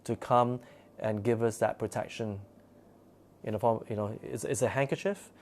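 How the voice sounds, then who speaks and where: A man's voice: lowish voice, fairly even intonation, moderate pace, slight background noise. A man telling a personal story in a casual, rambling way, full of fillers and restarts. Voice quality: rambling, filler-heavy delivery with frequent restarts.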